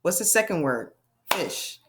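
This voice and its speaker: Upbeat woman teacher for a kids' phonics video, swooping lively intonation, models words slowly. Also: mid-range voice, background noise. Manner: upbeat, sing-song, slow modeled sounding-out. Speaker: reading teacher. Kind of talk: children's phonics lesson.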